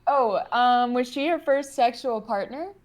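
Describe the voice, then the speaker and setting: A woman's voice: a little high, a little slow. A woman streamer in casual group chat, teasing and laughing and swearing. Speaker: streamer co-host.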